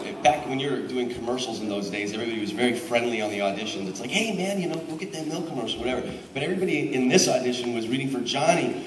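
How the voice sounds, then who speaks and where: Panel storyteller, man, animated and chuckling, distant and roomy, audience around. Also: medium pitch. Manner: animated, laughing anecdotes. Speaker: actor telling a panel story. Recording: echoey hall, distant mic, crowd. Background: crowd.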